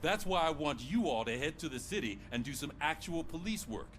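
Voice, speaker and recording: A man's voice: on the high side, very animated, fairly quick, a bit bright, a little hiss or hum. An actor playing a stern male police commander with a curt, commanding delivery.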